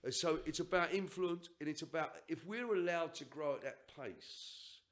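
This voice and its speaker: A man's voice: on the high side, normal speed. An older man on a podcast, telling a personal story in an emphatic, rambling way with restarts and asides. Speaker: podcast guest.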